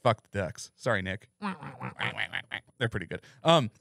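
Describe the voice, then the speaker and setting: A man co-hosting a podcast, telling a story in a casual, profane, animated way. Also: on the low side, measured pace, no room sound, clean studio sound. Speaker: podcast co-host. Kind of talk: casual chat.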